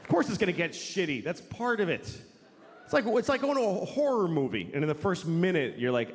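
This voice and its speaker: A man's voice: high voice, big pitch swings, fairly quick, big-room sound. A man doing stand-up comedy, ranting bluntly and crudely, and jumping into mocking voices for the people he quotes. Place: large hall with an audience.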